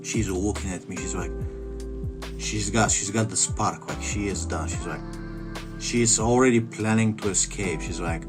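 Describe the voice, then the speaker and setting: A man's voice: lowish voice, unhurried. A man telling a comic story in a rambling, mumbled, casual way, with music behind. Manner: rambling, mumbled, full of fillers.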